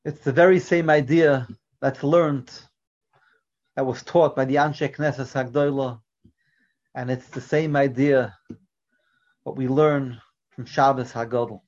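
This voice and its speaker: A man giving an earnest religious lecture, often dropping to a quiet, soft delivery, and weaving in a story. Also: medium pitch, steady tone, unhurried, pauses often. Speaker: Torah teacher. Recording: dull lo-fi recording.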